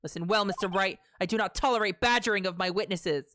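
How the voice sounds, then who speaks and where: A woman's voice: medium pitch, fast, a bit bright, a little hiss or hum, pitched below the performer's own voice, natural voice. A woman voicing an arrogant older male prosecutor with a cold, haughty, clipped manner.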